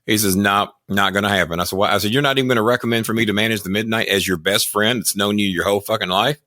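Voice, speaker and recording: Older American man, former wrestling manager, profane, boastful, bright lower voice, dry close sound. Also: steady tone, fast talker, no room sound. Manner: profane, boastful, rambling anecdotes. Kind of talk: casual storytelling chat.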